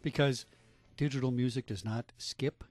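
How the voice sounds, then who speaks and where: A man's voice: mid-range voice, fairly even intonation, moderate pace, darkish tone, dry recording, faint music behind. A man hosting a radio talk show, chatting casually and joking, with many fillers.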